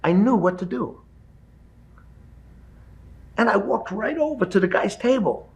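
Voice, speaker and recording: A man in his fifties, a guest in a studio interview, telling a story with animated energy and acting out the people in it. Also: high voice, measured pace, creaky, a little hiss or hum. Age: 50s.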